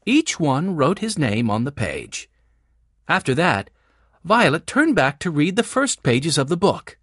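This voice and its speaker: A woman narrating a children's audiobook in a clear, expressive storytelling manner on a close mic. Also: low-pitched, unhurried, dry recording.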